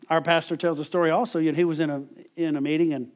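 Middle-aged male preacher, conversational sermon delivery, a little high-pitched, chuckles between points. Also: fairly even intonation, fast talker. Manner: conversational, repeats and restarts words, chuckles often.

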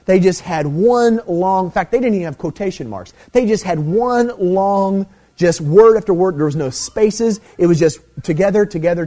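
A man's voice: fairly high pitch, mellow. A middle-aged man preaching a sermon, teaching emphatically and checking in with "okay?" as he goes. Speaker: pastor.

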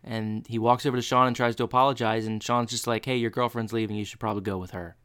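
Male podcast co-host, mid-pitched, dry close sound, playful episode recap. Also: steady tone, fast, a bit bright, clean tone, no room sound. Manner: playful, acts out quotes with bursts of silly voices. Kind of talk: casual chat recapping a TV episode.

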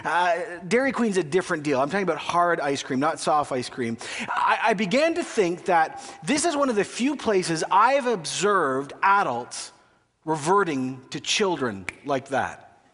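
A man's voice: on the high side, lively intonation, unhurried, fairly bright tone. A man preaching a sermon as a pastor, with a conversational, joking style and frequent questions to the congregation. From Canada. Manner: conversational and humorous, asks the audience questions. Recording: long reverb of a large hall.

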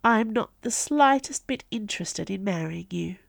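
A woman's voice: medium pitch, expressive, moderate pace, creaky, no room sound, clean studio sound, voice pushed up. A woman voicing a cheerful, frank young princess with a breezy, blunt manner.

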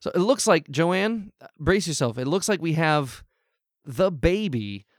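A man's voice: fairly high pitch, animated, a little slow, dry recording, clean studio sound. A man playing the host of an advice show, stammering and hesitant but trying to stay polite, in an improvised comedy. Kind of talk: improvised comedy role-play.

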